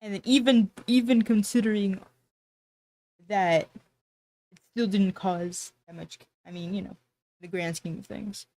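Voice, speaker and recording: A woman's voice: mid-range voice, steady tone, unhurried, long pauses, a little mellow, no echo. A woman streamer chatting casually and sarcastically, often trailing off and restarting her sentences. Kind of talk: casual livestream chat.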